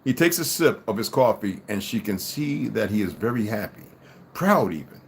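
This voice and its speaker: A man's voice: lowish voice, sing-song, normal speed, slight background noise. A man reading a story aloud to listeners and breaking off for casual asides.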